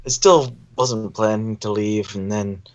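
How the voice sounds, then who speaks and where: A man from Canada, a podcast guest, talking casually in a slow, easygoing way. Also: lowish voice, steady tone. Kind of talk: casual chat.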